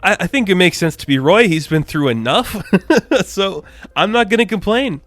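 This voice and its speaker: Casting note: young male reviewer, slightly high voice, dry close mic, excitable and playful, does quick character voices. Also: no room sound, faint music behind. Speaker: comic book reviewer. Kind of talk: casual recap with acted-out quotes.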